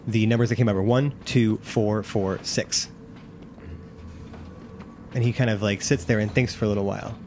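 A man's voice: lowish voice, fairly even intonation, normal speed, long pauses, noisy background. A man narrating as game master, rambling with many fillers.

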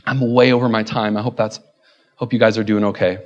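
A man preaching a sermon in a church, joking and laughing at himself, then building to loud declarations. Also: lowish voice, level tone, fairly quick, muffled recording. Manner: self-deprecating, joking, laughing often. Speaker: guest preacher.

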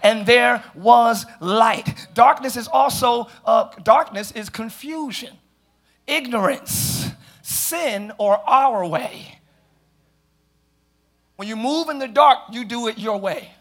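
A pastor preaching a sermon to his congregation, calling out questions to the crowd and building from calm teaching to shouted, half-sung passages. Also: very high voice, slow pace. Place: large church.

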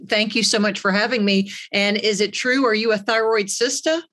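A woman's voice: mid-range voice, steady tone, moderate pace, a bit bright. A middle-aged woman, a longtime radio and TV journalist, speaking as a guest in a casual interview and telling her story with lots of energy and expression.

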